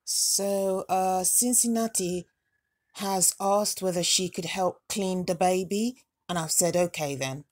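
A woman hosting a doll unboxing vlog at home, talking to her dolls in a gentle, motherly baby-talk voice. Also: on the low side, slow. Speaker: doll collector and channel host.

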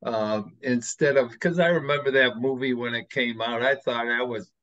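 A man's voice: medium pitch, steady tone, normal speed, fairly bright tone, dull audio. A man in the audience offering rambling, enthusiastic thanks during a Q&A. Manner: rambling, enthusiastic, many fillers. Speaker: audience member. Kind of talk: casual thanks in a Q&A.

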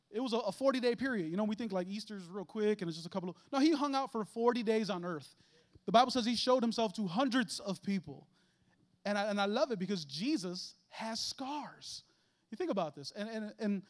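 A man preaches in a church, his voice sitting high and bright for a man. He keeps it conversational and animated, joking with the congregation and acting out little voices as he goes. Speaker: guest preacher. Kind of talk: lively conversational sermon. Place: church sanctuary.

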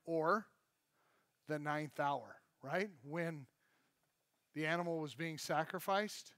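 A man's voice: on the high side, steady tone, a little slow, fairly bright tone, no echo. A male pastor preaching a live sermon at a church service, conversational and joking, with self-deprecating asides.

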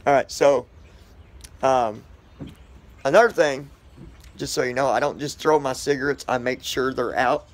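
A man's voice: mid-range voice, a little slow, pauses often. A man vlogging casually outdoors, chatting and joking directly with his viewers in an upbeat, rambling way. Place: outdoors on concrete.

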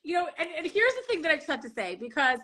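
A woman's voice: sits high, very animated, fast, bright, forceful tone. A woman with a New York Long Island accent hosting a casual live-stream chat, gushing and swearing freely, with lots of "like". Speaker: host.

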